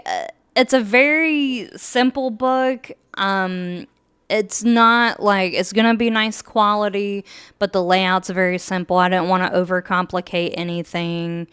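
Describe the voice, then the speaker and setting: Woman podcast host, unhurried and emotional, very clear close-mic voice with no room sound. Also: mid-range voice, no echo. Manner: slow, soft-spoken, with fillers and nervous laughs. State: emotional, holding back tears. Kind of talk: casual chat with a read-aloud book introduction.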